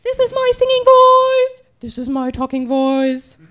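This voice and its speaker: A woman's voice: extremely high pitch, big pitch swings, measured pace, exaggerated voice. A woman playing a pompous, eccentric singing teacher in a comedy sketch, talking theatrically and scolding her students with grandiose, odd comparisons. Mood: grandly instructive.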